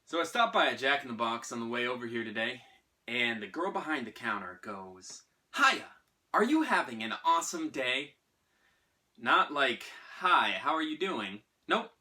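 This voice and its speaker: A sardonic, self-pitying sad sack delivers a deadpan comedic monologue, acted by a man. His pitch swings all over with lively emphasis. The tone is very bright and cutting, with flashes of exasperation. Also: normal speed. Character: gloomy self-pitying man telling a bleak anecdote.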